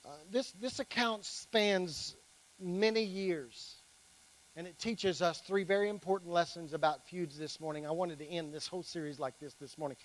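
A man's voice: high-pitched, normal speed, poor audio. A man preaching a sermon to his congregation, emphatic, with playful joking asides. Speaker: pastor.

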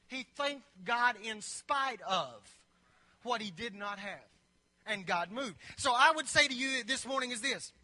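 A man's voice: extremely high pitch, lively intonation, measured pace, sharp tone. A man preaching a sermon as pastor, with repeated build-up phrases and playful asides. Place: church sanctuary. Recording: long reverb of a large hall.

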